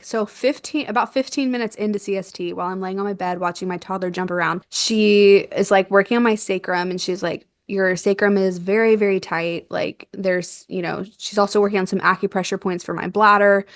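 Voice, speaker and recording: A woman's voice: mid-range voice, a little fast, hardly any pauses, no echo. A young woman, a doula and podcast guest, telling her birth story in casual conversation, laughing often and acting out what people said. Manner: animated, laughs often, acts out quoted dialogue.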